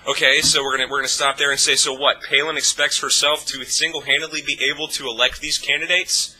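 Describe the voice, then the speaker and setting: A man's voice: fairly high pitch, flat delivery, fast talker, bright, forceful tone, husky, rough recording. A man vlogging a profane, scornful rant of political commentary. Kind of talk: ranting commentary.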